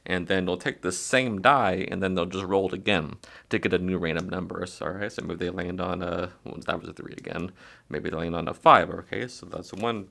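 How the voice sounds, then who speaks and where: A man casually explaining a card trick in a relaxed, chatty way as a magic tutorial host. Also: low voice, vocal fry. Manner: relaxed and chatty, with fillers and small laughs.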